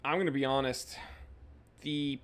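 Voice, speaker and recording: A man's voice: mid-range voice, fairly even intonation, measured pace, fairly bright tone. A man in his thirties hosting a livestream, casually reading viewer comments aloud and joking with the chat. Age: 30s. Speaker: livestream host.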